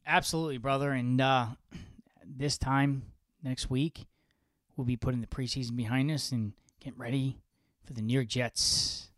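A man co-hosting a podcast, chatting casually about football in an excitable, rambling way, his pitch jumping when he gets worked up. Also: normal speed. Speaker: podcast co-host. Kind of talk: casual sports chat.

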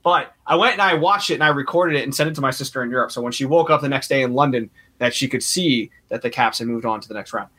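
A man co-hosting a podcast, talking in animated casual chat and jumping between points. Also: medium pitch, quick pace, hardly any pauses. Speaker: podcast co-host.

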